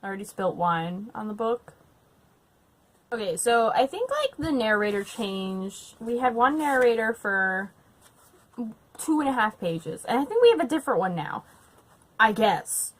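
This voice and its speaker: A young woman at home, tipsy on wine, chatting casually to camera and ranting with lots of swearing and loud outbursts. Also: on the high side, big pitch swings, measured pace. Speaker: book vlogger. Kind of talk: casual drunk reading vlog.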